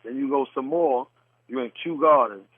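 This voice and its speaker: A man's voice: mid-range voice, moderate pace, breathy edge, no echo, narrow, tinny audio. A man from New York City with a New York accent, hosting a casual podcast chat and bluntly comparing how people talk. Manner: blunt storyteller, mimics dialects. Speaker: podcast host.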